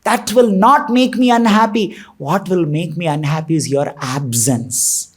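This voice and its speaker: A man's voice: high voice, unhurried, slightly rough. A man with an Indian English accent giving a sermon, chanting Sanskrit verses and explaining them, and voicing the speakers of the story. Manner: animated, voices the speakers of the story. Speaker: preacher.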